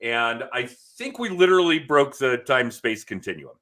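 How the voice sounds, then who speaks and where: Chatty bright-voiced man hosting a podcast. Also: medium pitch, sing-song, moderate pace. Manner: jokey, laughs often, loose and chatty. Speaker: podcast host and sales coach. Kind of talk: casual chat. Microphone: video call.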